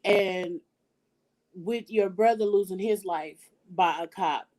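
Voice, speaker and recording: Woman talk show host, slow-paced, steady affirming interviewer. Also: medium pitch, rough recording. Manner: measured, affirming listener.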